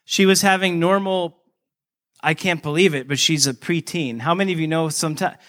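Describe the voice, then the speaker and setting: A man's voice: a little high, normal speed, fairly bright tone. A man in his thirties preaching a sermon to a congregation, emphatic, repeating his points and asking the listeners questions. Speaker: pastor. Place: church service.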